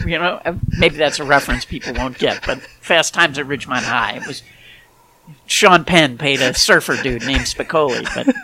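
A man's voice: mid-range voice, moderate pace, pushed and bright, husky. A man co-hosting in casual chat, making joking asides.

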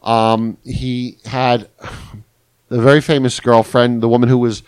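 A man, a journalist guest, telling stories in a casual, rambling chat, with lively and crude retellings. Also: medium pitch, measured pace, clean tone, no room sound. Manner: rambling, animated anecdote telling with crude quotes.

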